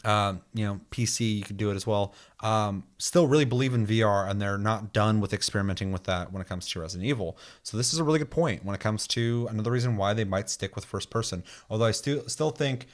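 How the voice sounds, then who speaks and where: Animated ranting man, lowish voice. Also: quick pace, hardly any pauses. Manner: animated, ranting, swears freely, acts out quotes. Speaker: podcast co-host. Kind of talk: casual chat about video games.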